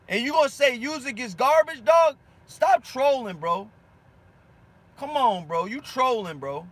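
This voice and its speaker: A man with a strikingly high voice hosts a boxing channel and argues heatedly with viewer comments. His talk is fired-up and full of slang, and he repeats his points over and over for emphasis. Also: bright, forceful tone, dry recording.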